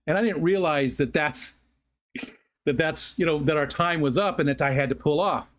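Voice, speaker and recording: A man's voice: fairly high pitch, moderate pace. A middle-aged man hosting a livestream, telling rambling stories in casual chat, often correcting himself and laughing. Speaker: livestream host.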